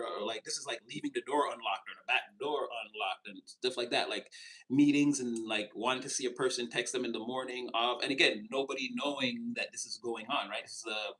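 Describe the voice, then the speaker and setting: A man's voice: medium pitch, a little fast, fairly bright tone, rough recording. A man giving a casual tarot reading who rambles, swears, laughs and gets heated. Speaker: tarot reader.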